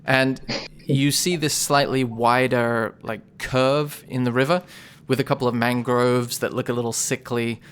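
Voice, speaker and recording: A man's voice: medium pitch, unhurried, smooth. Man running a tabletop game, chatty. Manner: relaxed, chatty, corrects himself. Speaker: game master.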